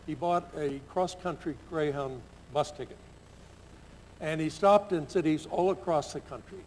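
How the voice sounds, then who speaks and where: An older man on a discussion panel, telling anecdotes in a relaxed, measured conversational way. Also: fairly high pitch. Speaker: panelist, former senator. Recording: reverberant hall with faint background noise.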